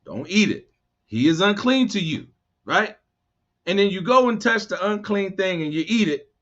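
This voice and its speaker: A man leading a bible study, reading verses slowly and then explaining them in loose, animated street talk. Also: high-pitched. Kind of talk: scripture study teaching. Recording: dull lo-fi sound.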